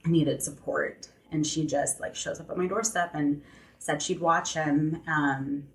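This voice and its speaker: A woman's voice: deep voice, fairly even intonation, a little slow. A young adult woman, a podcast guest, telling a personal story candidly in conversation, filling her speech with "like" and "you know.".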